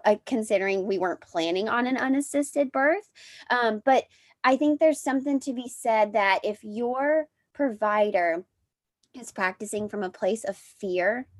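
A woman's voice: fairly high pitch, no echo, clean studio sound. A woman who works as a doula, speaking emphatically as a guest in a casual podcast chat. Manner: emphatic and insistent.

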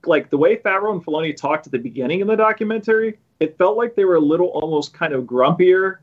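Man, podcast host, casual chat, sarcastic, lots of restarts, slightly high, dull lo-fi audio. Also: animated, fast talker. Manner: rambling, many restarts, sarcastic asides.

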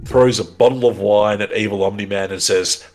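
Low-voiced man recapping a show. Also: fairly even intonation, normal speed. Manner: rambling, filler-heavy storytelling. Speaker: podcast co-host. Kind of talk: casual recap chat.

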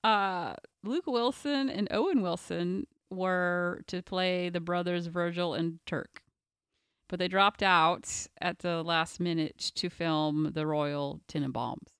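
A woman co-hosting a relaxed movie chat, her voice smooth and clean as she shares trivia. The sound is dry and close to the mic. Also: lowish voice, takes it slowly, dry recording. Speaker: podcast co-host.

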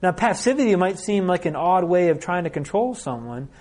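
A man's voice: high voice, big pitch swings, a little fast, darkish tone. A middle-aged man giving a conference sermon in a conversational way, acting out quoted lines. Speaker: conference speaker.

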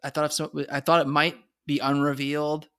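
A man's voice: fairly high pitch, flat delivery, brisk, fairly bright tone, clear, resonant tone. A man co-hosting a podcast in casual chat, stammering and repeating words, chuckling. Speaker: podcast co-host.

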